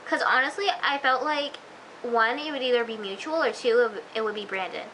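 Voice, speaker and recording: A woman's voice: a little high, brisk, bright, forceful tone, slight background noise, low-quality recording. A woman recapping a TV episode in a chatty, gushing vlog style, full of fillers. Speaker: TV episode reviewer.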